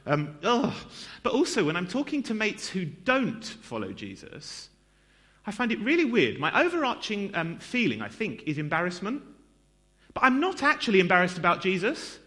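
A man's voice: sits high, wildly swooping pitch, normal speed, pushed and bright. A man giving a conversational sermon in a church, self-deprecating and chatty, with lots of fillers and asides to the congregation. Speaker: preacher.

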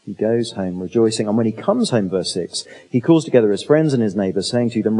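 A man's voice: on the low side, animated, fairly quick, hardly any pauses, mellow, rough recording. A man preaching a conversational sermon, asking the listeners questions and adding humorous asides. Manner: conversational, asks rhetorical questions. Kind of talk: expository sermon.

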